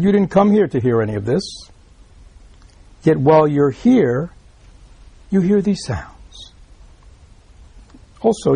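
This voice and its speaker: A man with a husky, gravelly voice gives a dharma talk, pitched a little higher than most men. His tone is mellow, and he often stops to check that the listeners follow him. The sound is dry and close. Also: no room sound. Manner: keeps checking in with "right?", repeats himself, drops into soft asides. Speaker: Buddhist teacher. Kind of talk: dharma talk explaining a read-aloud text.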